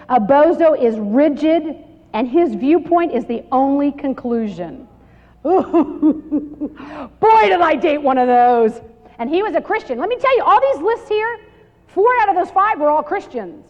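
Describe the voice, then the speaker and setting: A woman giving a lively Bible study talk to women, laughing often and acting out quoted exchanges, recorded on muffled 1990s video in a large hall. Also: high voice. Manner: animated, laughing, acts out little quoted exchanges.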